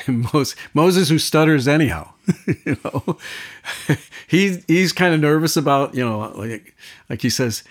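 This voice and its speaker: A man, a pastor, explaining Bible passages in relaxed conversation, retelling stories and quoting lines with animated delivery. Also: a little high, a little slow. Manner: animated storytelling with quoted voices, frequent restarts.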